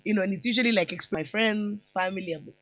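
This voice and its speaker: A woman hosting a radio show in a studio, telling a story in a lively, animated way and mixing Swahili and slang into casual chat. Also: mid-range voice, fast talker, rough recording. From Kenya.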